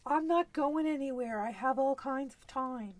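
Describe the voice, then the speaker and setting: There's slight background noise as a woman with a high voice and Canadian East Coast accent speaks at a moderate pace. Hosting a live crafting demonstration, she's chatty and easygoing, talking while she works through each step and laughing a little often.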